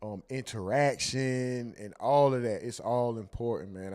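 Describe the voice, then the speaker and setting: A man's voice: on the low side, moderate pace, hardly any pauses, a little mellow, no room sound. A man hosting a livestream in a loose, profane, slangy way, thanking viewers and reading out their donations. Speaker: livestream host.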